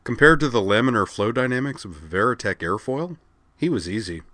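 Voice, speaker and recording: A man reading an audiobook, voicing a cheerful, impish young woman engineer in a higher, brighter register. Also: very animated, fairly quick, no echo.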